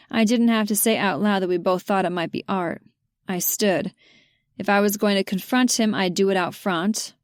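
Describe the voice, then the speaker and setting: A woman narrating a romance audiobook, lively and giving the characters their own voices, on a close mic. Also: mid-range voice, dry recording.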